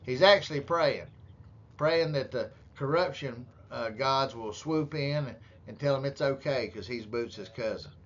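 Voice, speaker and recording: A man's voice: mid-range voice, a little slow, a bit bright. A man giving crude, sarcastic running commentary over meeting footage, drawling and mocking the people he watches. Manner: mocking, crude, drawling, puts on voices for others. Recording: dull lo-fi audio with faint hiss.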